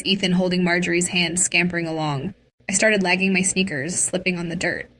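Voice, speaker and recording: A woman's voice: fairly low pitch, fairly even intonation, fairly quick, fairly bright tone, slight background noise. A woman narrating a dramatic first-person story.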